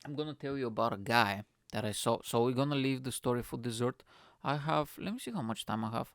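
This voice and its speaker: Brief: profane, animated comic host with a Scouse-tinged accent, raspy fry in the voice, close and dry. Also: male voice, mid-range voice, quick pace, no echo. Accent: foreign accent with a Scouse twang. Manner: animated, profane, laughing often. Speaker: podcast host, comedian. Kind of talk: casual comic monologue.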